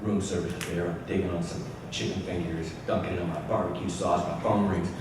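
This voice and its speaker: A man telling a profane comic story to a convention audience, animated and swearing freely while mimicking others. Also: sits low, fairly quick. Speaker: convention panel guest. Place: large convention hall. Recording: echoey hall, distant mic, loud noise.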